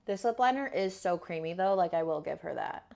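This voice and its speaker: A woman's voice: fairly low pitch, expressive, fairly quick, vocal fry, dark tone. A young woman chatting casually through a makeup tutorial at home, playful and slangy, self-deprecating, full of "like" and "um". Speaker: makeup vlogger.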